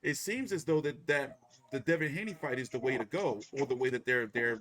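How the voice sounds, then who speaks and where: A man's voice: mid-range voice, fairly quick, a bit bright. A man hosting a boxing podcast, rambling in casual chat. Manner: rambling, many fillers and restarts.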